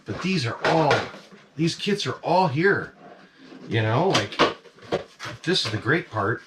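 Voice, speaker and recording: A man's voice: mid-range voice, expressive, slow pace, heavy background noise. A middle-aged man casually chatting about his collection in a basement, rambling with plenty of "you know"s and fillers. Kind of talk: casual vlog chat. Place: basement room.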